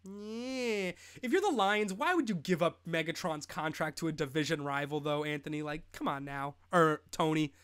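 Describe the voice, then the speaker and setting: A young man with a noticeably high-pitched voice hosts a live fantasy football stream. He talks in a loose, rambling way, cracking jokes and laughing often. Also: moderate pace, few pauses, fairly bright tone, clean tone. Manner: rambling, joking, sings snippets, laughs often. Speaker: host. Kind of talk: casual live-stream chat.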